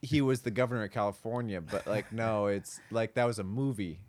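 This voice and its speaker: A man's voice: lowish voice, a little fast, darkish tone. A man chatting casually, telling a rambling story with lots of swearing. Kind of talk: casual podcast chat.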